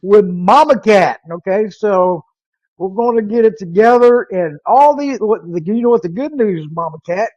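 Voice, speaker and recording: A woman's voice: medium pitch, a little mellow, dry recording. A woman hosts a live internet radio show in loose, unscripted talk. She rambles, stumbles and restarts her sentences. Her voice sounds close and dry, with a muffled, lo-fi quality. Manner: rambling, halting, with many fillers and restarts. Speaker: radio podcast host.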